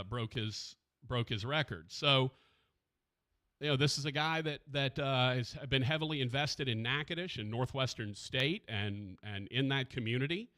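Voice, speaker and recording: A man hosting a sports radio show, talking haltingly and with grief, searching for his words, close to a studio mic. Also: mid-range voice, sharp tone. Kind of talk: emotional radio talk. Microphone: studio microphone.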